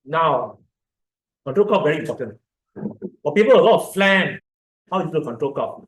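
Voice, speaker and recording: A man's voice: fairly high pitch, expressive, a little fast. A man with a Malaysian English accent giving an informal health lecture, explaining and repeating words as he demonstrates breathing. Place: lecture hall. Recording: echoey lecture room.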